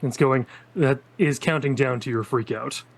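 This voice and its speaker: A man with a husky, slightly breathy voice, calmly describing his character's actions in a tabletop roleplaying game. His delivery is dry and matter-of-fact, with small self-corrections. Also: medium pitch, normal speed. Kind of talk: casual narration of a character.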